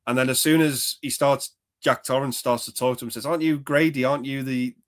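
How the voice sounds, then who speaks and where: A man's voice: medium pitch, fairly even intonation, fairly quick. Rambling man chatting about films. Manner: rambling, quotes film lines, laughs often. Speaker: podcast co-host. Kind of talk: casual film chat.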